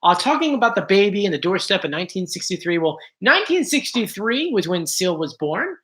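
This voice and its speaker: A man's voice: sits high, big pitch swings, brisk, fairly bright tone. A man hosting a casual livestream, chatting to viewers with frequent restarts and apologetic asides. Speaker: host.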